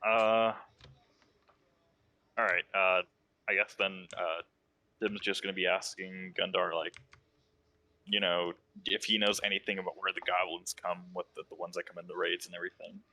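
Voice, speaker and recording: A man's voice: low voice, little pitch movement, normal speed, long pauses, bright, forceful tone. A man speaking hesitantly as a player in a tabletop game.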